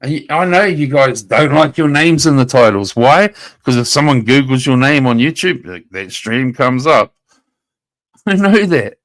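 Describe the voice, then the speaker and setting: A man's voice: medium pitch, expressive, unhurried, fairly bright tone. A man ranting on his livestream, taunting a rival directly, swearing and repeating himself. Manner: confrontational, taunting, profane. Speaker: YouTube livestreamer. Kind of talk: livestream rant.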